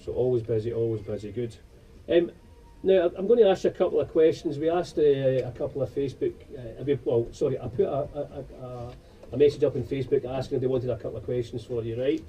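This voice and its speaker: Male radio host, dark mellow voice, halting delivery, slightly off-mic. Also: mid-range voice, distant mic, slight background noise, rough recording. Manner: halting, restarts questions often. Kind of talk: casual radio interview. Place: radio studio.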